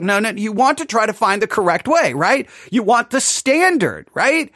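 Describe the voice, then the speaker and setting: A man's voice: high-pitched, expressive, moderate pace, hardly any pauses, a bit bright, dry recording, studio quality. A man teaching a casual Bible study podcast, talking conversationally and checking in with listeners by asking "right?" throughout.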